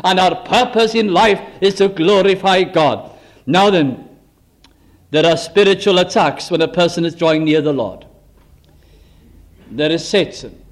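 A man preaching an evangelistic sermon, emphatic, full of rhetorical questions, his voice swooping between high and low. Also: lively intonation, a little slow, long pauses.

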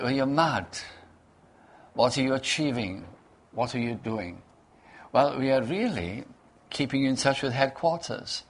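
A man leading a prayer meeting, giving a Bible talk in an unhurried way, repeating key words and quoting old scripture. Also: medium pitch.

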